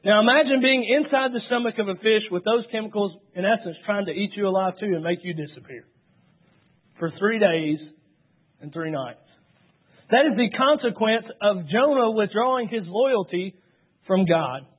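A man's voice: high-pitched, normal speed. A man preaching a sermon, retelling scripture in a storytelling way. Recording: tinny phone-like sound.

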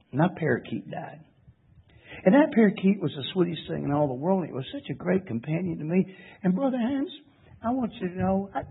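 A man's voice: sits high, creaky, slightly rough, pitched below the performer's own voice, full character voice. A man voicing an imagined sentimental churchgoer who drags out a self-pitying lament. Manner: mawkish, drawn-out complaining. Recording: tinny phone-like audio.

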